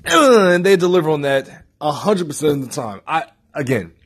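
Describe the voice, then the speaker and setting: A young man with a slightly husky voice rambles excitedly to his camera. He often leaps up in pitch to hammer home a point, then drops back to relaxed chatter. He is still getting over a headache. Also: normal speed. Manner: excitable, emphatic, swings to high animated peaks. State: recovering from a headache. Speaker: vlogger. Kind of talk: casual vlog monologue.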